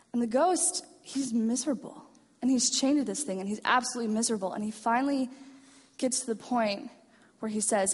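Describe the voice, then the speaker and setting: Woman giving a chapel talk, earnest and a bit self-mocking, fairly high voice, echoey hall. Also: fairly quick, darkish tone. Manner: earnest, self-deprecating, storytelling. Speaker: chapel speaker. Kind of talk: chapel message to students. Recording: reverberant hall.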